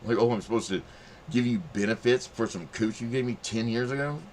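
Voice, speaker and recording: A man's voice: mid-range voice, brisk, a little hiss or hum. A middle-aged man telling a rambling, profane story in casual monologue, acting out quotes in a raised voice. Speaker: channel host telling a story.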